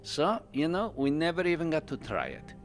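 With soft background music behind him, a man voices a cheerful pandaren adventurer, a devoted husband, telling his story in character for a fan podcast. His voice is a little high with big pitch swings at normal speed, and he speaks broken English, dropping articles and verb endings.

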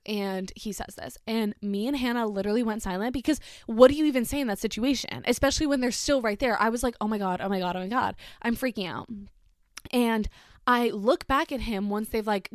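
A woman's voice: a little high, brisk, no echo, studio quality. A woman casually telling a personal story, filling every sentence with "like" and swearing freely. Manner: chatty, heavy filler "like", swears, animated retelling.

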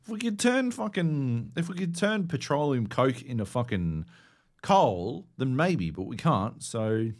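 A man co-hosting a gaming podcast, telling stories in a loud, sweary, mock-indignant way. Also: medium pitch, sing-song, a little slow. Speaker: podcast co-host. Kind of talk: casual chat.

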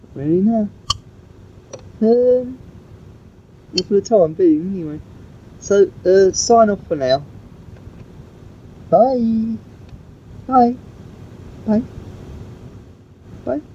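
A man's voice: high-pitched, slow pace, long pauses, dark tone, highs cut off, slight background noise. Man rambling on an old cassette tape. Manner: rambling, chatty, with many fillers. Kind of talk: recorded cassette tape message.

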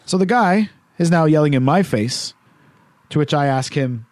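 Profane, animated man telling a story. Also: a little high, normal speed, dry recording. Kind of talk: casual storytelling chat.

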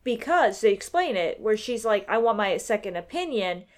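A woman's voice: medium pitch, sing-song, normal speed. A woman in casual chat, talking about a game in a loose, wry way and swearing offhandedly. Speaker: podcast co-host.

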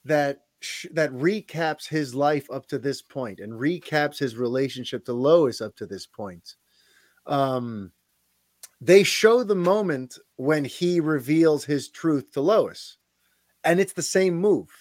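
Eager higher-voiced man, dry sound. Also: expressive, slow, darkish tone, no room sound. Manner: enthusiastic, rambling with restarts. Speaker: podcast co-host. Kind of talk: casual podcast chat.

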